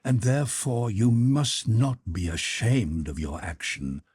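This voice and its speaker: A man's voice: lowish voice, sing-song, a little slow, a little mellow, slightly rough, no room sound, full character voice. A man voicing a pious, ecstatic older countess who consoles in a fervent, preaching manner. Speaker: character in audiobook.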